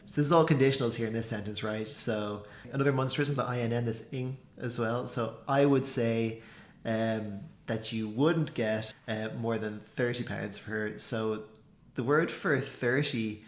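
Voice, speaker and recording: Male tutor, casual and filler-heavy, mid pitch, recorded in an echoey room. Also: moderate pace. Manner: chatty, loose, lots of fillers. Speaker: language teacher. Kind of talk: casual explainer commentary. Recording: roomy echo.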